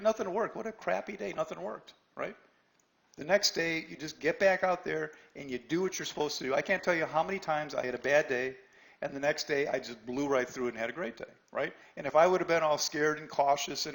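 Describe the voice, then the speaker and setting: Guy running a trading class online, kinda high voice, blunt, says "right?" a lot, stammers on restarts. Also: vocal fry, fairly bright tone. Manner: talks straight to students by name, pushy and challenging. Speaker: trading instructor. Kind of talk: live webinar lesson.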